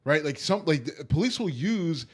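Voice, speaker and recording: A man's voice: fairly high pitch, very animated, moderate pace, slightly rough. A man co-hosting a podcast, arguing his point emphatically in casual chat and checking in with "right?". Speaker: podcast co-host.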